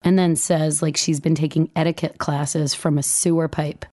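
Low, warm woman reading her own essay, wry storyteller who gives quoted lines a lively lift. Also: moderate pace. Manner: wry, dryly humorous storytelling; acts out dialogue with lively pitch jumps. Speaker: writer reading her own blog entry. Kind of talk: first-person essay reading.

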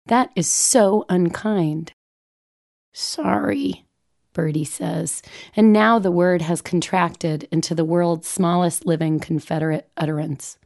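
A woman's voice: low voice, mellow. A woman, a mother, reading her own personal essay aloud with wry, self-mocking humor. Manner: wry, self-mocking, vividly comic phrasing.

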